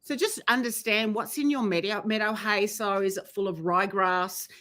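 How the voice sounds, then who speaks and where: A woman horse trainer giving advice in a live Q&A, talking with many ums and pauses. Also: mid-range voice, steady tone, sharp tone, slight background noise. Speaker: horse trainer answering viewer questions. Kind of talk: live Q&A chat.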